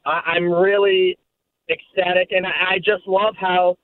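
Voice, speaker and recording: A male caller bursts through a thin, phone-like line, his slightly high voice rambling breathlessly as he relives the game. He talks in excited run-ons with lots of "I, I" restarts. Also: unhurried. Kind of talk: excited call-in chat.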